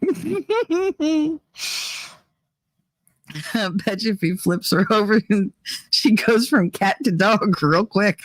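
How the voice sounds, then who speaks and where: A woman's voice: mid-range voice, expressive, slow, long pauses, no echo, low-quality recording. A young adult woman hosting a livestream, telling crude stories in casual chat and breaking into laughter often. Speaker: livestream host.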